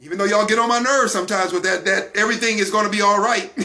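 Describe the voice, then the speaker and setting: A man giving an animated, preachy talk on a broadcast and acting out other people's words. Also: high voice, fast, faint music behind. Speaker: broadcast speaker.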